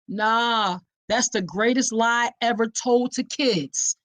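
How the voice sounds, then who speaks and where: Animated, high-voiced woman podcast host. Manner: preachy, direct, addresses listeners as y'all; dramatic pauses and punchy emphasis. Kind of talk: emphatic awareness podcast monologue.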